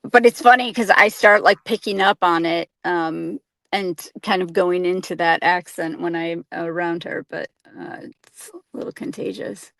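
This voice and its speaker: A woman's voice: fairly low pitch, fairly even intonation, normal speed, creaky, fairly bright tone, no echo. A young woman with a Midwestern American accent co-hosts a casual live stream. She talks in a chatty, giggly way with plenty of ums and likes. Her voice is recorded dry and close, with no room sound. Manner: chatty, filler-heavy, giggly. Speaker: co-host.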